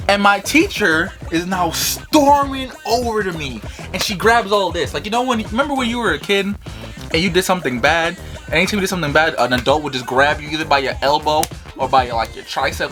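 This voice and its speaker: A man telling a funny childhood story in a casual, animated vlog style, swearing freely. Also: sits high, brisk, soft background music. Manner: animated, swearing, lots of fillers. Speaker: vlogger.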